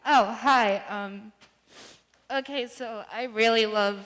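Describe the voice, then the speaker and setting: Teary woman in an audience, halting and apologetic, higher voice, long hall reverb. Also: a bit bright. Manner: halting, apologetic, many fillers. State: teary, close to crying. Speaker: audience member asking a question. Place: large hall.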